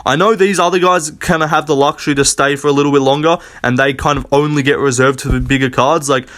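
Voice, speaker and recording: A man's voice: on the high side, steady tone, quick pace, a bit bright. A young man talking casually on his own channel, giving blunt, profane, rambling predictions full of fillers and restarts. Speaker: MMA commentator. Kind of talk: casual solo prediction rant.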